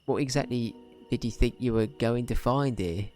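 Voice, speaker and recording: A man's voice: mid-range voice, moderate pace, a little mellow, faint music behind, lightly acted. A man doing a brash Cockney adventurer. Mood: teasing. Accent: put-on Cockney, slipping toward Australian. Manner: brash, teasing, upbeat. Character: cheerful seasoned adventurer, blunt and friendly. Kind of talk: live voiced game playthrough.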